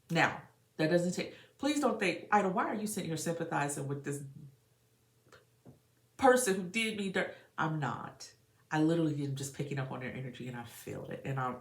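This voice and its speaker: A woman's voice: deep voice, vocal fry, darkish tone, reverberant. A woman giving an emotional, earnest tarot reading for her viewers. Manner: emotional, earnest, channeling feelings. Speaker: tarot reader.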